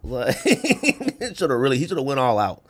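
A young man co-hosting a casual sneaker-talk podcast, his pitch jumping around a lot as he jokes. He laughs often and keeps the banter loose, at a middling pitch for a man. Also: normal speed. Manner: animated, joking, laughs often. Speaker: podcast co-host. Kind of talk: casual chat.

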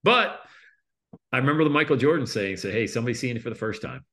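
A man being interviewed as a guest, telling a story casually. His voice jumps up for the punchlines and trails off quietly at the ends of phrases. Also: quick pace. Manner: lively storyteller, voice jumps up for punchlines then drops low. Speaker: interview guest, speaker and coach.

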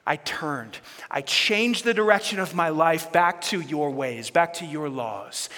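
A man's voice: on the high side, animated, a little slow, pushed and bright. A pastor preaching a sermon, emphatic and repetitive, calling on his congregation to join in. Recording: long hall reverb.

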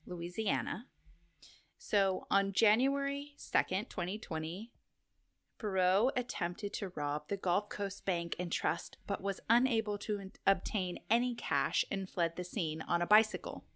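A woman's voice: mid-range voice, a bit bright. A woman co-hosting a podcast, chatting casually, giggling and joking, and reading out a list. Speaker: podcast co-host.

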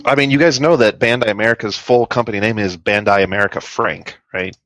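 Lower-voiced man hosting a jokey podcast. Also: fast talker, a bit bright, no room sound. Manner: jokey, reads viewer comments aloud. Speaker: podcast host. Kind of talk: casual live podcast chat. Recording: lo-fi muffled audio.

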